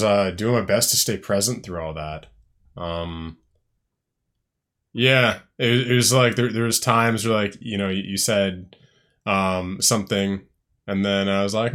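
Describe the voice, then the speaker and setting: A man hosting a casual talk, speaking in a reflective, halting way with many fillers. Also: fairly low pitch, fairly bright tone. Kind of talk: casual conversation.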